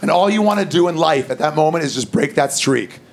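Gravelly stand-up comic man. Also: on the high side, expressive, fairly quick. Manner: loose, storytelling, crude. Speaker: stand-up comedian. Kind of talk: stand-up comedy set. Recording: live stand-up with loud crowd laughter.

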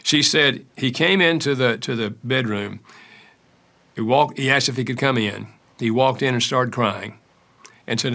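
A man's voice: mid-range voice, measured pace, bright, forceful tone. An older man, an author and counselor, answering interview questions with anecdotes and acted-out quotes. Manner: acts out quoted dialogue in stories.

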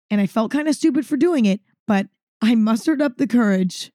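A woman's voice: medium pitch, warm tone, dry recording, studio quality. A woman vlogger telling a story to camera in a casual monologue, dramatic and emphatic, repeating words for effect and swearing freely.

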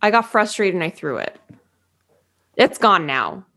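Slow-talking, giggly woman. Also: lowish voice, wildly swooping pitch, gravelly, bright, forceful tone. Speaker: player. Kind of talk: casual game talk.

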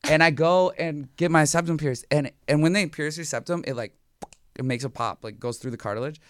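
A man's voice: a little high, fairly quick, fairly bright tone, smooth, no room sound, studio quality. A young man from Minnesota, a podcast guest telling stories in a rambling, slangy way full of filler words. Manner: rambling, slangy, lots of "like" and "dude". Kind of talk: casual chat.

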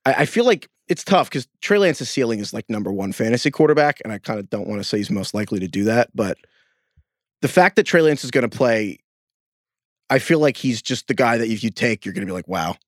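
A man co-hosting a casual sports podcast, talking in an animated, rambling, joking way. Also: medium pitch, a little fast, no room sound, clean studio sound. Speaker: podcast co-host. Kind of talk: casual chat.

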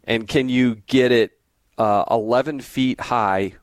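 A man's voice: medium pitch, steady tone, takes it slowly, no echo. A middle-aged man hosting a podcast, chatting casually and animatedly, often breaking in with side notes. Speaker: podcast host. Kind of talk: casual interview chat.

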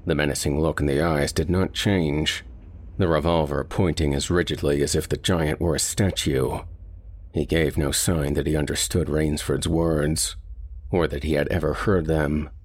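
A man narrates a short story in a steady, deliberate manner. His voice is very deep and noticeably husky. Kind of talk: audiobook reading of a short story.

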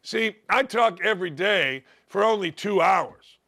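An older man hosting a sports radio show, ranting bluntly and mockingly, his voice gravelly from days of yelling. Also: high-pitched, animated, unhurried. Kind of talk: opinionated sports radio rant.

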